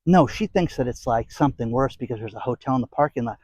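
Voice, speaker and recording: A man's voice: mid-range voice, fast talker, a little mellow, breathy edge, dry recording, low-quality recording. A middle-aged man hosting a commentary channel, ranting bluntly and emphatically to camera, with sarcastic asides and repeated phrases. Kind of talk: opinionated rant to camera.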